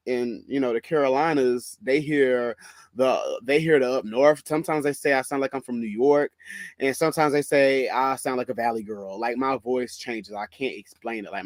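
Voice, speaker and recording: A man with a Southern US accent telling a story in a casual monologue, animated, sassy and full of profanity. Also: medium pitch, dry recording. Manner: animated, profane, sassy, calls listener "bitch" and "girl".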